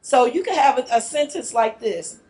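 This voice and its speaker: A middle-aged woman from the northern US gives a marriage workshop talk to a live group, lively and joking in casual speech. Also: a little high, normal speed. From northern United States.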